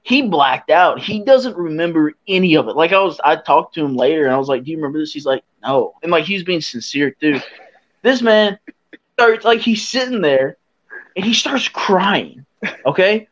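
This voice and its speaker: A young man, the podcast host, telling a drinking story in a casual, animated way and laughing as he acts out what people said. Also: on the high side, normal speed. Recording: dull lo-fi sound.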